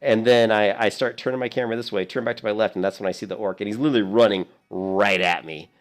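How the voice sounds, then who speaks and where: A man in his thirties, a streamer telling a rambling, animated story in casual gameplay commentary. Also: fairly low pitch, quick pace.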